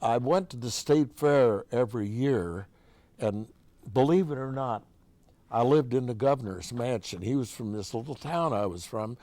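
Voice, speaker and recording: Older man, interview guest, folksy storyteller, chatty, mid-pitched voice, dry close sound. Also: moderate pace, warm tone, dry recording. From Oregon, USA. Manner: folksy, chatty anecdotes with restarts. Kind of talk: casual storytelling.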